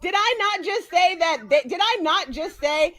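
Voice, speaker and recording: High-voiced woman ranting angrily. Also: animated, normal speed, pushed and bright, no echo. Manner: angry, confrontational, repeats questions. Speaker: streamer in an online dispute. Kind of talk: heated livestream rant.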